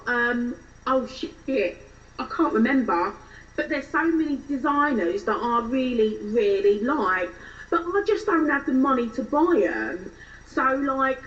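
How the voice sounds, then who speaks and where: A giddy, shallow young Essex girl , played by a female comic, gushes in a strong Essex accent, pitched high and loud, stretching her words. The recording is dull and lo-fi, taken from a distance. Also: roomy sound. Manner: bubbly, drawn-out gushing with rising questions.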